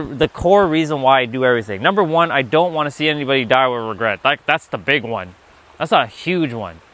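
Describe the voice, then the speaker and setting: A man's voice: fairly high pitch, fairly bright tone. A man giving a motivational livestream talk, emphatic and profane, often repeating himself. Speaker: livestream speaker.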